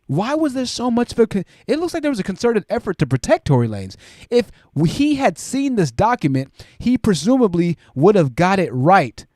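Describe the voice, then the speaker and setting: A live-stream host, a man whose voice sits high and leaps up and down as he talks. He reads viewer super chats aloud and reacts with loud exclamations. The sound is dry and close, with no room in it. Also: brisk, dry recording. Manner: animated, exclaiming, thinks aloud. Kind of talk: commentary reading super chats.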